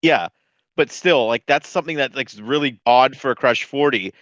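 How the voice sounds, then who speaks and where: A man's voice: mid-range voice, moderate pace, fairly bright tone, dry recording. Male co-host, eager casual chatter, dull lo-fi dry mic. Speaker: podcast co-host. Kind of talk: casual chat.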